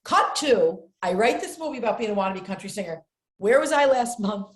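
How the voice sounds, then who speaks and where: Animated storyteller woman, roomy sound. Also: medium pitch, brisk. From upstate New York. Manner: lively, acts out quoted voices, repeats words for emphasis. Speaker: actress and filmmaker, podcast guest. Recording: roomy echo.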